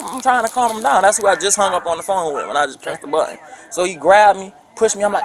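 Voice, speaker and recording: High-voiced man, rambling and halting. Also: lively intonation. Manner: rambling, halting, many restarts. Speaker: complainant talking to police. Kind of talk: bodycam conversation. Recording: bodycam audio with crowd noise.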